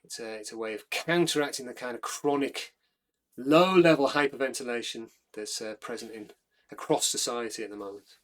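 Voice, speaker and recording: A man leading a breathwork class, calmly talking listeners through each step with frequent fillers and self-corrections. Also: medium pitch, normal speed. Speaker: breathwork instructor.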